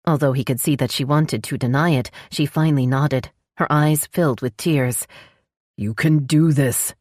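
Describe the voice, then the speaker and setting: A woman narrating a romance audiobook with a steady storytelling delivery. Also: extremely low pitch, moderate pace, dry recording, clean studio sound.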